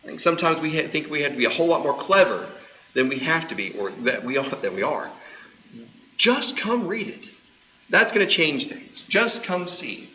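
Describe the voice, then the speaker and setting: A man's voice: mid-range voice, animated, quick pace, bright, forceful tone, a little hiss or hum. A man preaching a sermon, explaining scripture in a conversational way with casual asides. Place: church auditorium. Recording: echoey church room.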